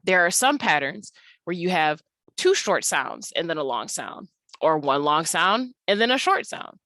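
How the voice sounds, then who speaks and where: A woman's voice: fairly low pitch, sing-song, a little slow, sharp tone, no echo. A young woman teaching an English lesson over slides, explaining casually and saying words aloud to show their rhythm. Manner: conversational, with fillers.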